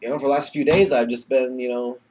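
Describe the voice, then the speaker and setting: A man's voice: mid-range voice, steady tone, fast talker, darkish tone, a little hiss or hum. A young man vlogging into his webcam, rambling with lots of fillers and swearing, nervous and emotional, often breaking into laughter. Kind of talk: casual webcam vlog.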